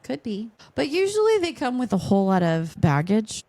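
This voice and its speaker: Woman, 40s, co-host; casual, animated, rambling chat. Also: on the high side, normal speed. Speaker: podcast co-host.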